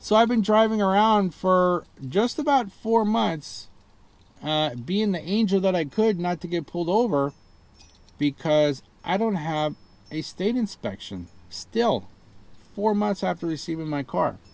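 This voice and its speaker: His voice sits high, with vocal fry and lively intonation, and he takes his time. A customer reviewing a car purchase, he tells a frustrated story of it going wrong in a casual complaint vlog. He recounts a phone ordeal with growing exasperation and indignation, imitating the people involved.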